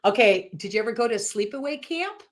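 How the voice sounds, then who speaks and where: A woman hosts a relaxed interview with a mid-range voice. She laughs often and keeps it light, firing off quick quiz questions to her guest. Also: medium pitch. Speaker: host. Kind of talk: casual interview chat.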